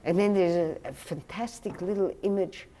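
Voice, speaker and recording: A woman's voice: on the low side, moderate pace, warm tone, slight background noise. A middle-aged woman scholar talking in a thoughtful interview, reflective and acting out quotes, with many "you know" fillers. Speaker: guest scholar.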